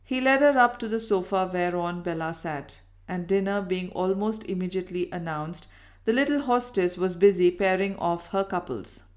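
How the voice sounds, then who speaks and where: A woman reading a Victorian novel aloud in a measured, even storytelling manner. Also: on the low side. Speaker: audiobook reader. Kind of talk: scripted narration of a Victorian novel.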